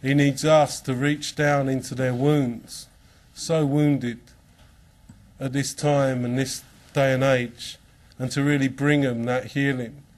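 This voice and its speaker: A man's voice: medium pitch, level tone, takes it slowly. Man, from england, conference speaker, earnest, preaching, storytelling. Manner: storytelling with quoted voices. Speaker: Christian speaker. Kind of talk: conference talk.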